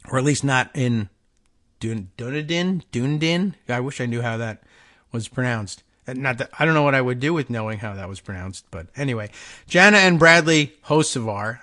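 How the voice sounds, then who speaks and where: A man's voice: mid-range voice, bright, forceful tone. A man hosting a talk show, thinking aloud in a casual, rambling monologue, wry and self-mocking as he wanders off topic. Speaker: radio show host.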